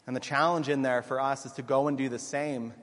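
Pastor preaching in a reverberant hall. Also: male voice, medium pitch, fairly even intonation, brisk, a bit bright. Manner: earnest, conversational preaching with small restarts. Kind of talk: sermon. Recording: long reverb of a church hall.

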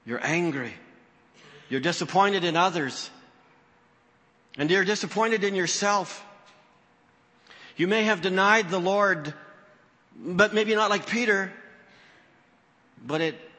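A man's voice: on the high side, pushed and bright, in a large hall. A man preaching a sermon as pastor, telling the story expressively and acting out the quoted voices.

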